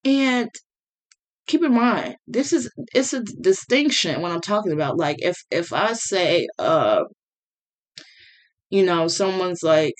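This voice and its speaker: A woman's voice: lowish voice, expressive, slow pace. Woman hosting a blunt, heated rant. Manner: blunt, heated ranting with swearing and fillers. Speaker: podcast host. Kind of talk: casual solo podcast monologue.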